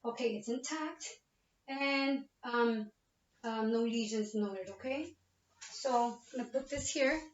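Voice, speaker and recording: Recorded on a laptop webcam, the audio is roomy, distant, and muffled, with slight background noise. A woman speaks slowly in a fairly high voice. She's a nursing student narrating a physical exam demonstration, explaining every step to the patient and repeatedly asking "okay?"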